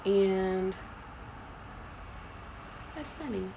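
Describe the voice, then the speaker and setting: A woman's voice: mid-range voice, expressive, extremely slow, vocal fry, warm tone, a little hiss or hum, poor audio. A woman giving a live tarot reading, talking casually and bluntly with plenty of profanity, passing on intuitive messages. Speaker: tarot reader.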